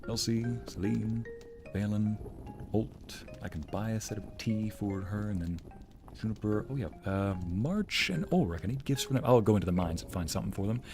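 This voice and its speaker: A man's voice: lowish voice, lively intonation, moderate pace, music in the background. A man streaming a farming game, chatting casually, laughing often and reading game lines aloud. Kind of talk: casual gameplay chat.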